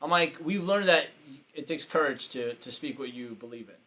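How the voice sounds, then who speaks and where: A man, a business coach, telling a story casually and acting out the quotes with sudden jumps in pitch. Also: expressive, moderate pace, pushed and bright.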